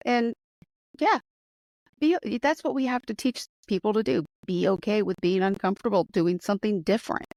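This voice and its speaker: American woman hosting a chat podcast, gets excited and emphatic, mid pitch, dry close mic. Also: moderate pace, no room sound. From United States. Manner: enthusiastic, emphatic, rising pitch when excited. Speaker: podcast host. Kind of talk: conversational interview.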